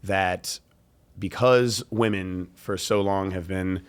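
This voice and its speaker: A man's voice: deep voice, steady tone, slow pace, clean tone. A young man co-hosting a casual podcast chat, rambling and hesitant, with many fillers and restarts. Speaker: podcast co-host.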